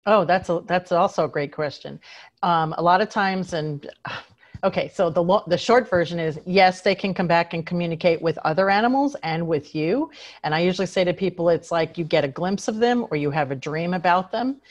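A woman with a somewhat low voice speaks as an interview guest. She tells anecdotes in a lively way and acts out what others said. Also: brisk. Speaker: animal communicator guest. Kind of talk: casual interview storytelling.

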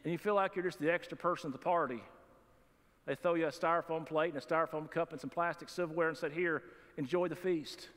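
A man's voice: fairly high pitch, fairly even intonation, fast talker, fairly bright tone. A man preaching a sermon as pastor, in a folksy, conversational way with humorous asides. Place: church sanctuary. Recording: long reverb of a church hall.

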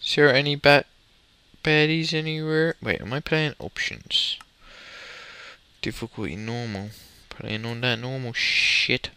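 A man's voice: medium pitch, unhurried, sharp tone, smooth. A young man giving casual, rambling commentary while playing a building game, muttering to himself and swearing mildly. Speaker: gamer commentator.

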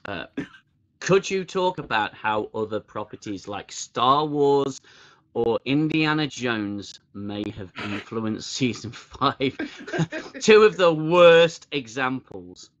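A man's voice: mid-range voice, animated, slow, fairly bright tone, dull audio. A British man hosting a casual livestream chat, mocking what he reads aloud and laughing often. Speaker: host.

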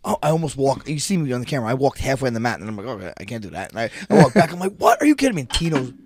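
A man co-hosting a podcast, telling a story in casual chat, animated and profane, acting out what everyone said. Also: medium pitch, very fast, no room sound, clean studio sound. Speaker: podcast co-host.

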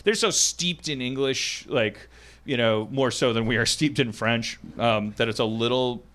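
A man's voice: medium pitch, moderate pace, fairly bright tone. A man hosting a comedy podcast in casual chat, rambling with many stammered restarts. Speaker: podcast host.

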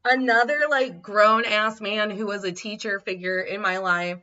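A woman co-hosting a podcast tells stories in a lively, casual way, often breaking into laughter and acting out what people said. Her voice is bright and forward, captured on a slightly dull, lo-fi recording. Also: medium pitch, moderate pace. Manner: animated, laughs often, acts out quotes. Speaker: podcast co-host. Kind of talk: casual storytelling chat.

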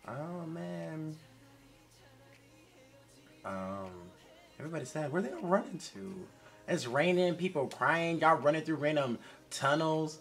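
A man talks straight to his viewers as he reacts to a music video. His voice sits fairly high and jumps around a lot, loud one moment and mumbled the next. Faint music plays behind him. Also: unhurried, creaky, long pauses. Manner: animated, talks straight to viewers, shifts between loud excitement and quiet mumbling. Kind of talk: casual reaction commentary.

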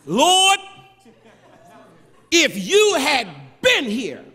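A man's voice: extremely high pitch, huge pitch swings, drawn-out words, bright, forceful tone, pitched above the performer's own voice, full character voice. A man voicing an indignant biblical woman who scolds a friend for arriving late, sassy and accusing. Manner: sassy, finger-wagging, accusing. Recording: long church reverb.

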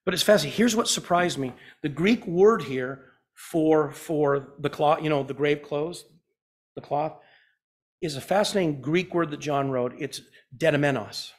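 Expressive male pastor, a slightly high voice. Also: normal speed. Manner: swings from loud urgent emphasis to hushed softness; rhetorical questions to the congregation. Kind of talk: sermon.

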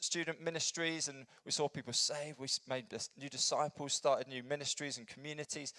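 Earnest man preaching with a smooth voice. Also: dry recording. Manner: earnest, builds up then drops to a soft low voice. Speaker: pastor. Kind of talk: sermon. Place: church.

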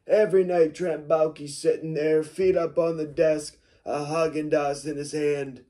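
A man impersonating a smug older male football executive, with a raspy, smoke-worn voice and slow, boastful rambling. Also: a little high, level tone, mellow, close to an everyday voice. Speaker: mock interview guest.

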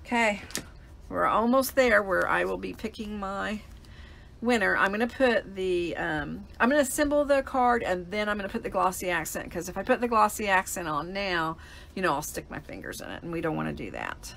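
Chatty woman with vocal fry. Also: medium pitch, expressive, normal speed, a bit bright, a little hiss or hum. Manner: chatty, explains each step as she works. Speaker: paper crafting host. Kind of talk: live crafting demonstration.

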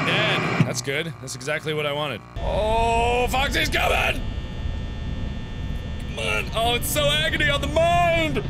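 Man, gamer commentary, high voice, slow delivery, swearing and shouting, loud game music behind. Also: animated. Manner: swears a lot, shouts outbursts, mutters to himself. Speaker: gamer playing a horror game. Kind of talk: let's play commentary.

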